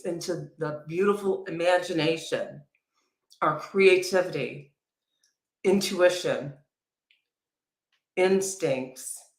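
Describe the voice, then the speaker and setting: A soft-spoken woman guest talks in an unhurried, dreamy way about the year ahead. Her voice sounds roomy and echoey, as if picked up from a live space. She speaks at a very slow pace. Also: lowish voice. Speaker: guest teacher. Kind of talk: livestream casual chat.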